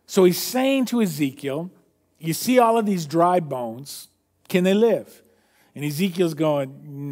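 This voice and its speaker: Pastor guy preaching, kinda high voice, reads verses then chats through them, goes quiet and low on the quotes. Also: expressive, measured pace. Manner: reads scripture aloud, drops low and soft for quoted lines; self-correcting, conversational preaching. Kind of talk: sermon.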